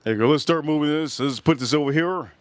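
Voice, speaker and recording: A man hosting a casual livestream whiskey review, talking excitably and rambling straight to his viewers. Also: fairly high pitch, fast talker.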